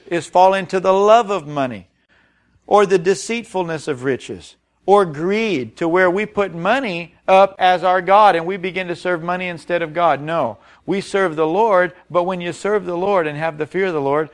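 A man preaching a sermon, reading scripture and putting emphatic questions to his congregation. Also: on the high side. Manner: reads scripture aloud, then explains it plainly. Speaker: pastor.

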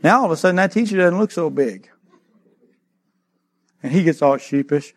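A middle-aged man preaching, telling a childhood story with lively acted-out voices. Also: on the high side, moderate pace, pauses often. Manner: animated storyteller, acts out voices, laughs often. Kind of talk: sermon with a personal story.

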